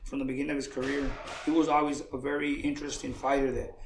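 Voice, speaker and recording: A man, a boxing coach, telling stories in a relaxed way during a casual interview, often repeating words as he goes. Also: mid-range voice, quick pace, vocal fry, a little hiss or hum. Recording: echoey room with faint music.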